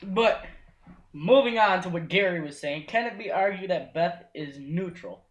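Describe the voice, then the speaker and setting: Man, young adult, higher voice, laid-back podcast host, echoey room. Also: expressive, normal speed. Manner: laid-back, leads the rundown. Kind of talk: casual chat recapping wrestling.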